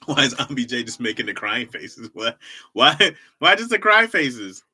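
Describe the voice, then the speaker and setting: A man's voice: medium pitch, big pitch swings, unhurried, sharp tone, breathy edge. A young man hosting a casual livestream, bantering with chat and laughing often. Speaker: livestream host.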